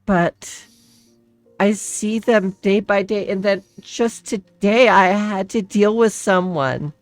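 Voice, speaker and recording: A woman's voice: mid-range voice, slow pace, no echo, faint music behind, pitched above the performer's own voice, close to an everyday voice. A woman voicing a distressed young woman who stammers and pleads, close to tears. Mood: pleading. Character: distressed young woman bound by a dark deal.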